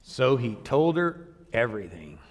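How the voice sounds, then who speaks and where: Folksy male preacher with lively pitch. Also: measured pace, in a large hall. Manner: folksy, joking storytelling. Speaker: pastor. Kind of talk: sermon. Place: church sanctuary.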